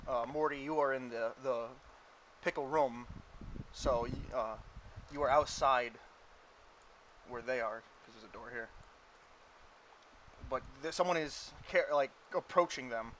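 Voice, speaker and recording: A man's voice: medium pitch, measured pace, pauses often, fairly bright tone, a little hiss or hum, rough recording. A man narrating as game master in an online tabletop game, rambling with lots of restarts.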